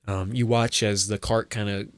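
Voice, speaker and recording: A man's voice: fairly low pitch, level tone, normal speed, dry recording. A man narrating as game master, rambling with restarts and acting out sound effects.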